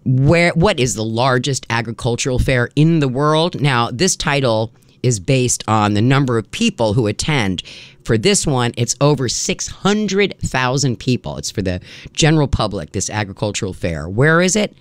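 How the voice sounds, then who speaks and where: A woman hosting a radio music show in casual on-air chat, playful and quick to laugh between songs. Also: rumbling low, expressive, no echo. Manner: chatty, laughs easily, playful asides. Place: radio studio. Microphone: studio microphone.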